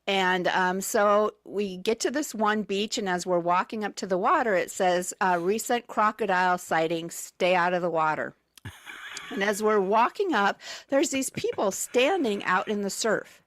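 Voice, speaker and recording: A woman's voice: medium pitch, lively intonation, moderate pace, fairly bright tone, no room sound. A woman telling travel stories as a guest on a radio show, chatty and full of fillers and restarts. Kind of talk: casual radio chat. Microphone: studio microphone.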